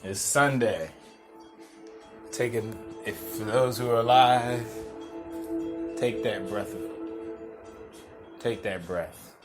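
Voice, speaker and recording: A man's voice: on the low side, slow, pauses often, over music. A young man hosting a podcast, telling a rambling, laid-back story with restarts and chuckles. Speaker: podcast host. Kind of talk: casual storytelling monologue.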